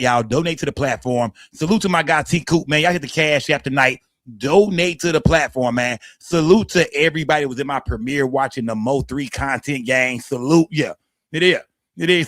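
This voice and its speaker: A man's voice: fairly high pitch, dry recording, studio quality. Slangy man hosting a livestream. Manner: slangy, shouting out chat names, heated. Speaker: livestream host. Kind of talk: casual livestream commentary.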